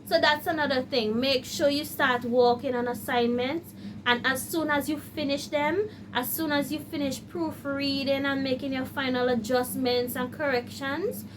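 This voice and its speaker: A woman's voice: sits high, moderate pace, noisy background. A woman law student vlogging in a casual storytelling way, talking straight to her viewers and acting out her own panic. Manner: animated, addresses viewers directly; acts out her own past panic in quoted asides.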